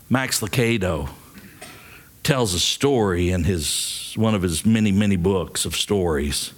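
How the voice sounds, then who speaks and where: A man preaching a sermon, reading a story aloud in a slow, dramatic way. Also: mid-range voice, fairly bright tone. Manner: slow, dramatic, acts out quoted voices. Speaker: pastor.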